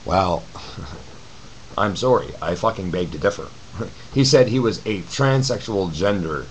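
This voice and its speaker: A man's voice: low-pitched, animated, a little slow, a little hiss or hum, rough recording. A man giving a blunt, profane, rambling webcam rant to his viewers from his apartment. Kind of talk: ranting webcam video reply. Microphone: camcorder mic.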